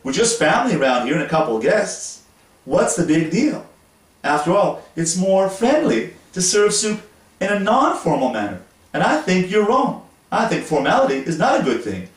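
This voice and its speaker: A man's voice: sits high, very animated, normal speed, voice pushed up. A man putting on an indignant wife. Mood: defensive. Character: imagined wife, indignant and defensive. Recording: roomy echo, voice from a distance.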